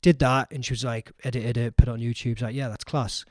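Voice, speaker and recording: A man's voice: mid-range voice, fairly even intonation, fast talker, a little mellow, no echo, studio quality. A young man chatting as a guest in a casual podcast interview, rambling with lots of fillers and restarts. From England. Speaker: guest, wedding filmmaker.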